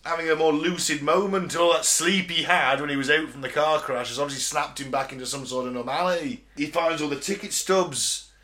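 A man's voice: on the high side, fairly quick, pushed and bright. A man, co-hosting a podcast and retelling film scenes in a rambling, sweary way with laughs. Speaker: podcast co-host. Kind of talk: casual chat recapping a film.

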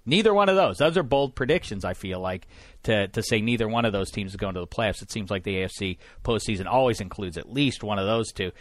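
A man hosting a casual sports podcast, lively and jokey, talking with lots of fillers and restarts. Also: lowish voice, dry recording. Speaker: podcast host.

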